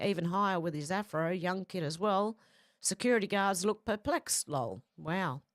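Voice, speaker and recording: A woman's voice: lowish voice, no room sound, clean studio sound. A woman hosting a livestream, reading viewer comments aloud and adding short, casual reactions of her own. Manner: reads comments, then adds brief casual reactions. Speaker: livestream host.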